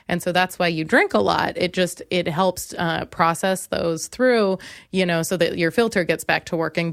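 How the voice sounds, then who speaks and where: Young woman, podcast host, comic storytelling, animated, dry recording. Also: on the low side, dry recording. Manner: animated, acts out voices in quotes, laughs often. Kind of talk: comedic storytelling monologue.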